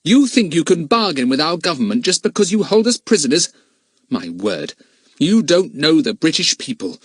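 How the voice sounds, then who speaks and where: A man's voice: sits high, sing-song, takes it slowly, dry recording, clean studio sound, voice pushed up, heavily acted. A man voicing a fiery, defiant British schoolboy, speaking in a raised, indignant voice. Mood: furious.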